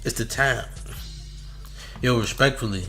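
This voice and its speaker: A man's voice: mid-range voice, measured pace, bright, forceful tone, faint music behind. A man hosting a reaction commentary, mocking and slangy, laughing often between remarks. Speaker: commentary host.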